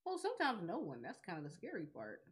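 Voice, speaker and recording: A woman co-hosting a casual anime chat, animated and quick to laugh, acting out quotes as she talks. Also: lowish voice. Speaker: podcast co-host.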